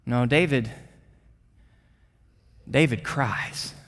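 A pastor delivering an earnest sermon, repeating words and dropping to a hush for emphasis. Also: male voice, mid-range voice, drawn-out words, long reverb tail. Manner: earnest, with repeated words and dramatic drops in volume.

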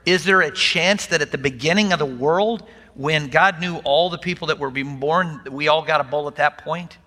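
An older man preaches a sermon to his congregation in a church sanctuary, folksy and conversational with touches of light humor. His pastor's voice sits on the high side, pushed and bright, at a normal pace. The recording carries a long hall reverb.

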